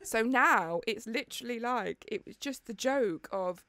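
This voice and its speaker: Animated Northern English woman telling a story. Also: a little high, a little slow, no room sound. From England. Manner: animated, dramatic retelling with acted quotes. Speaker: podcast co-host. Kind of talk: casual storytelling chat. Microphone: studio mic.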